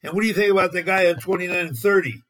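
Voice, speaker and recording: A man's voice: high-pitched, steady tone, very fast, a bit bright, pitched above the performer's own voice, low-quality recording. A man voicing an agitated male pro bowler who fires off insistent, blurted questions.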